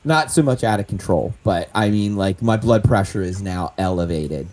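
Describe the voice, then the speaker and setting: A man's voice: sits low, lively intonation, moderate pace, darkish tone. A man playing his character in a tabletop role-playing game, talking animatedly, laughing and swearing. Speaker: player.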